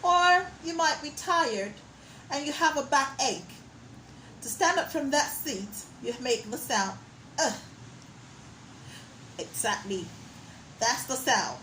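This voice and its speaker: A woman teaching a pronunciation lesson, modeling sounds slowly and praising the learner as she goes. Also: sits high, lively intonation, bright, forceful tone, echoey room, slight background noise, poor audio. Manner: slow, drawn-out modeling of sounds with encouraging praise.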